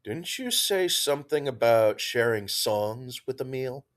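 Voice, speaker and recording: A man's voice: mid-range voice, lively intonation, takes it slowly, pushed and bright, heavily acted. A man voicing a grumpy, blunt female creature with a tail who complains matter-of-factly.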